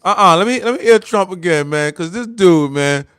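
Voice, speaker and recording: A man's voice: sits high, expressive, normal speed, a bit bright, clean tone, dry recording. An American man hosting a heated political commentary livestream, fired up and repeating himself as he talks straight to viewers. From United States. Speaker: livestream host.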